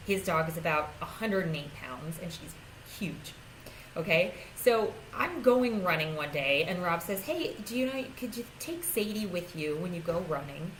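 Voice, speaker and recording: A woman's voice: on the low side, a bit bright, slight background noise, low-quality recording. A woman who coaches clients, talking casually to camera in a chatty, self-deprecating way, laughing often and restarting her sentences. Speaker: design and personal growth coach.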